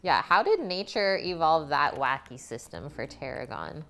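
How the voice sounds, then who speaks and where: A woman's voice: sits low, sing-song, normal speed, gravelly, fairly bright tone, soft background music. A woman hosting a live cooking stream, chatting casually with her viewers and answering them by name as she cooks in her kitchen. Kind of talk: casual chat while cooking.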